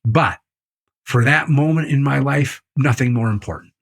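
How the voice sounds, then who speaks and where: A man's voice: mid-range voice, normal speed. A man being interviewed as a guest, retelling a book scene by scene in a candid, profane, emphatic way. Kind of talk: candid conversational storytelling.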